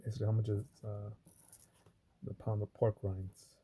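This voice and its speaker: A man with a low, very dark voice rambles through casual stories as he works through a box of coins. His speech is loose, full of fillers and cursing. He is recorded up close, and a faint hiss sits under his voice. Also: level tone, moderate pace. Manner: meandering, loose and profane, with many fillers. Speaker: coin roll hunter. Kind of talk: casual rambling vlog talk.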